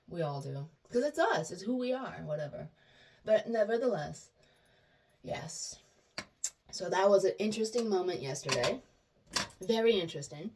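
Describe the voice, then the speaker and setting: A woman's voice: fairly low pitch, far from the mic. Chatty storytelling woman, a little off-mic. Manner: chatty and animated, acts out quoted dialogue, many restarts. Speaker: vlogger sharing personal stories. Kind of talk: casual storytelling monologue.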